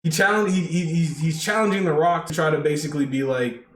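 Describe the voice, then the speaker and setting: A slightly high, somewhat bright male voice moves fairly quickly as he co-hosts a casual wrestling podcast. He rambles, restarting often and leaning on fillers. Faint background noise and echo come through.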